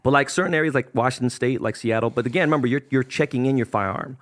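Fast-talking man. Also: mid-range voice. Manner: fast storytelling, heavy slang and profanity. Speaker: podcast guest, business owner. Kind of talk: casual chat.

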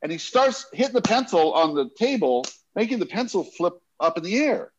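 A man with a fairly high, lively voice spins a rambling anecdote, doubling back and restarting as he goes. The recording is dull and lo-fi. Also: brisk, a little hiss or hum. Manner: animated storyteller, rambling with restarts. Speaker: guest telling a story. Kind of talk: casual anecdote.

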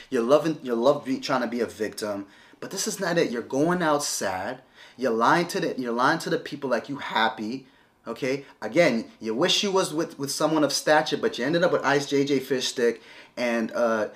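A man's voice: medium pitch, fairly bright tone. Heated man scolding his ex on camera. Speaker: father addressing his ex-wife on camera. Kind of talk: confrontational casual talk to camera.

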